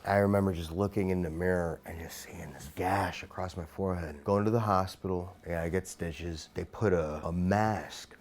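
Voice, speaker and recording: A middle-aged man recounting a childhood memory in an interview, swearing constantly, his voice surging loud and then dropping low. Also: steady tone, moderate pace, few pauses, a little hiss or hum. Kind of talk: emotional storytelling.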